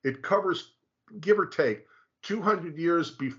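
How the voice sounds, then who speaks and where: A man lays out a point in a lecturing way, often stopping to say "okay" and restarting his words. His voice sits somewhat high for a man. The recording sounds dull and lo-fi. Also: slow pace, fairly bright tone. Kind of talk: casual explanatory talk.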